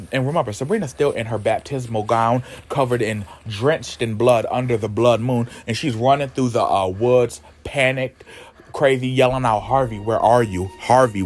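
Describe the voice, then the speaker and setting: Dramatic, chatty male storyteller. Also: medium pitch. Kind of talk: casual storytelling recap.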